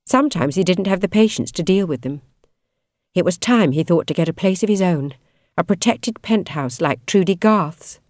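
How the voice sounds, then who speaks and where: A woman reading a novel aloud as an audiobook narrator, in expressive, measured storytelling. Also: on the low side, dry recording, studio quality. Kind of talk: scripted narration.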